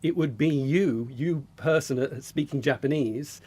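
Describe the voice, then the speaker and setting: A man, a speech technology researcher, explaining his work in a measured interview. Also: medium pitch, a little mellow, breathy edge.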